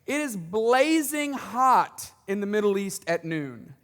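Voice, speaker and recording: High-voiced pastor preaching in a big hall. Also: male voice, slow pace. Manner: animated, conversational preaching with asides and jokes. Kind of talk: sermon. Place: large church auditorium.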